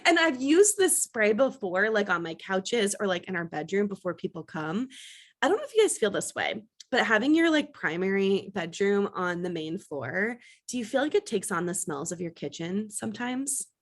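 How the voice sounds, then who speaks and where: A young woman co-hosting a podcast, telling a story in casual chat, animated and laughing at herself. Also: mid-range voice, moderate pace. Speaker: podcast co-host.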